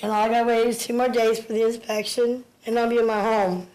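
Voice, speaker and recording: A woman in her fifties, out of breath, giving an emotional, halting public comment at a city council meeting. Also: on the high side, little pitch movement, darkish tone, low-quality recording. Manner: emotional, halting, repeating words.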